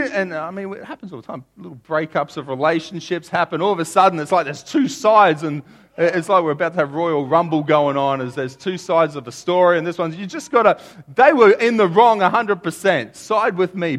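Male pastor, fairly high voice, casual sermon delivery with frequent restarts. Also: fairly quick. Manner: conversational, repeats phrases, stammers restarts.

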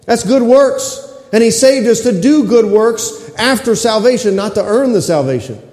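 Echoey, warm-voiced man preaching a sermon. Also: high-pitched, lively intonation, normal speed. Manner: emphatic, repetitive, asks the congregation for responses. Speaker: pastor. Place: church sanctuary. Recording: echoey hall reverb.

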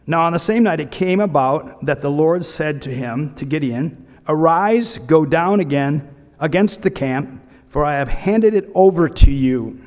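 A man's voice: a little high, expressive, a little slow, a little mellow. Man preaching in a reverberant hall. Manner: storytelling with asides and humor. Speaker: pastor. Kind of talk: sermon.

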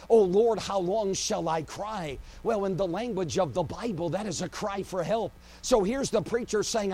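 A high-pitched man preaching a sermon. He works himself up into loud, pleading runs of repeated questions, then drops to a low, hushed voice to drive a point home. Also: breathy edge.

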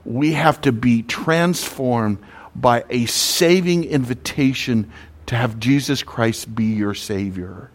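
A man's voice: medium pitch, slow. A man preaching a sermon, telling stories and acting out the voices in them. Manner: preaching with scripture readings and sung verses. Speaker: pastor.

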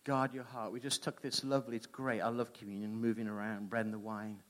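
A middle-aged man preaching a sermon, telling a personal story in an animated, conversational way. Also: fairly low pitch, fast.

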